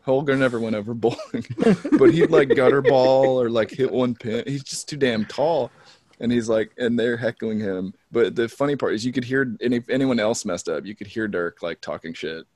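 A man telling a story in a casual podcast chat, animated and laughing often. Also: mid-range voice, moderate pace, dry recording. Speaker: podcast host.

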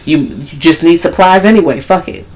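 A woman co-hosting a casual show recap, profane and animated, often acting out the characters. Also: low-pitched, normal speed. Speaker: podcast co-host.

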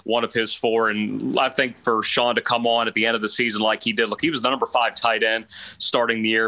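A man co-hosting a sports podcast, giving a steady, detailed breakdown of a college football game. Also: on the low side, no echo, poor audio. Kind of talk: analytical sports chat.

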